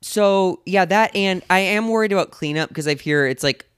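Smooth-voiced co-host chatting casually. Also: mid-range voice, normal speed, fairly bright tone, no echo, clean studio sound. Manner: chatty, trails off mid-sentence. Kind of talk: casual chat.

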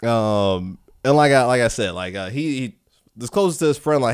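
A man in relaxed podcast chat, talking through a comic book story. He rambles, trips over repeated words and laughs a lot as he goes. His voice sits at a middle pitch for a man. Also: moderate pace, smooth, no echo, clean studio sound.

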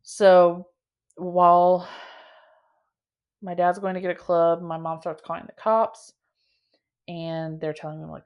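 A young adult woman from Indiana, hosting a podcast and telling a story in a dramatic, animated way, full of filler "like"s. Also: on the low side, takes it slowly, long pauses, smooth. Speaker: podcast host. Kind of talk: casual storytelling.

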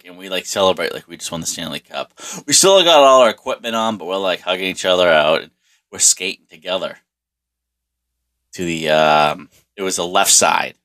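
A man casually telling a rambling personal story, swearing constantly and filling pauses with "like" and "you know.". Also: sits low, bright, forceful tone. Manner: profane, rambling, heavy on swearing and fillers.

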